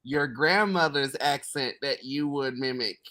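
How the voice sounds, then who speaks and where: A woman from Chicago co-hosting a casual podcast, asking curious questions in a measured way. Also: a bass voice, sharp tone, no room sound, studio quality. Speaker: podcast co-host. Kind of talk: casual chat.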